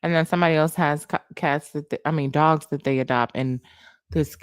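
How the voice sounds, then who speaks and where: A young adult woman hosting a casual livestream, animated and laughing as she thanks viewers by name. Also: deep voice, a little fast, clean tone, no room sound, clean studio sound. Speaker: livestream host.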